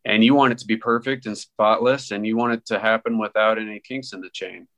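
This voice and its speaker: A contractor explaining the realities of his trade in a steady, calm way. His voice sits a little low, and he slows down to press home key points. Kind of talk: casual conversation.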